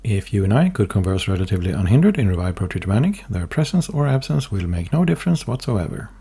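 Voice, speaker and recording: Gravelly low-voiced man explaining carefully. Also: big pitch swings, dark tone. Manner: careful, measured, lecturing. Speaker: language hobbyist presenter. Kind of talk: scripted explanatory narration.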